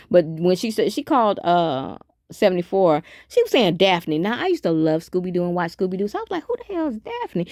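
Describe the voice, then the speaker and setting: A woman's voice: fairly low pitch, no room sound. Woman w/ aave doing drama commentary into her phone, voice bouncing up and down all over, cusses a lot, dry close sound. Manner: animated, cussing, talks to viewers as y'all. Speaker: commentary channel host. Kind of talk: casual commentary reading messages aloud.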